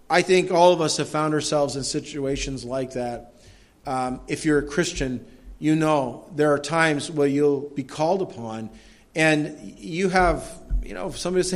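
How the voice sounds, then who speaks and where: A male pastor giving a sermon in a church, talking conversationally with frequent restarts and tag questions, and moving between quiet asides and raised, emphatic passages. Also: on the high side, moderate pace.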